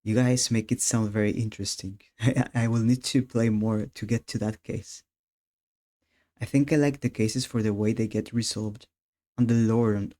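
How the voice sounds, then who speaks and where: A man's voice: fairly low pitch, warm tone. A man chatting casually while streaming a game, laughing often and restarting his sentences.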